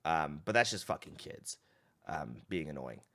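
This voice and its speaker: A man's voice: rumbling low, very animated, normal speed, vocal fry, fairly bright tone. A young man, a streamer, casually telling a story to his stream, swearing and acting out the people he quotes.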